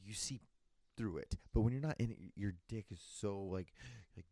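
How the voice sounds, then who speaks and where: A man's voice: lowish voice, moderate pace, mellow, no echo. A young man hosting a solo podcast, rambling in casual chat, swearing often and acting out quoted lines. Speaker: podcast host.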